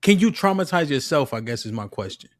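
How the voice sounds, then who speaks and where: A man's voice: fairly high pitch, sing-song, brisk. A man on a live panel who asks questions in a casual, conversational way. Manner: casual, questioning, agrees often. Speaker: panelist. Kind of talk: panel discussion on a live stream.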